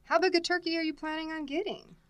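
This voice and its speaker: A woman's voice: very high voice, fairly even intonation, fast talker, fairly bright tone, dry recording. An actress playing a wisecracking female schoolteacher in a 1950s radio comedy, dry and sardonic.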